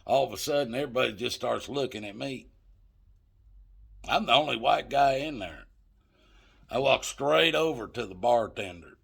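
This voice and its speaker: A man's voice: mid-range voice, animated, moderate pace, gravelly, long pauses, a bit bright, breathy edge. An older man telling a rambling, profane story straight to his listeners, calling them folks. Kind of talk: casual anecdote told to viewers.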